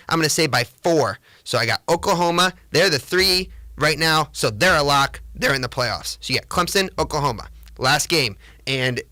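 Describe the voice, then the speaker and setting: A young man hosting a solo sports podcast in a casual, rambling way, often correcting himself mid-sentence. His voice is bright and forceful and sits a bit high. The sound is dry and close, with no room echo. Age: young adult. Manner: chatty, rambling, self-correcting; excitable sports opinions. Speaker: podcast host.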